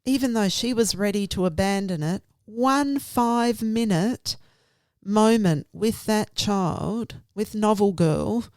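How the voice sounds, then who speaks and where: A woman's voice: mid-range voice, slow pace, darkish tone, dry recording, studio quality. A woman teacher explaining her classroom methods in a reflective, step-by-step way. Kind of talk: professional conversation about teaching.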